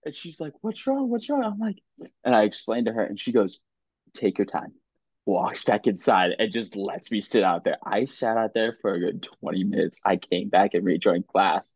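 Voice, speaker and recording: Deep-voiced young man, earnest and halting. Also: fairly even intonation, darkish tone, husky, no echo. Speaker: podcast guest. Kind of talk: casual conversation. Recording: dry, dull lo-fi sound.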